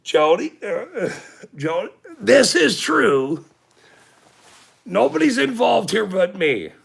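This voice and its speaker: Gravelly, sharp-voiced man ranting at chat. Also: high-pitched, wildly swooping pitch, slow pace. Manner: profane and combative, with frequent laughs. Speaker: livestream host.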